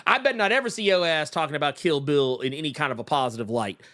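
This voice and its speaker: A young man hosting a podcast, chatting in an excitable, slangy way and often restarting his sentences. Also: on the high side, quick pace. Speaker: podcast host. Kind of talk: casual pop-culture chat.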